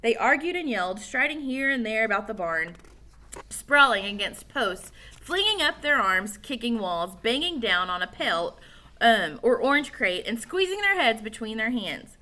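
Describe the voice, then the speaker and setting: A woman reading a children's novel aloud with animated storytelling. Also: on the high side, normal speed. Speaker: narrator.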